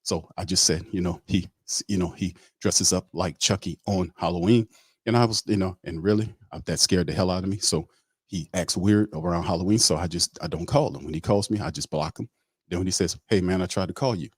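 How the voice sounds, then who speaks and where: A man's voice: sits low, brisk, a little mellow, breathy edge, no room sound. A man doing a rambling, aimless football coach. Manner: meandering, trailing off into fillers.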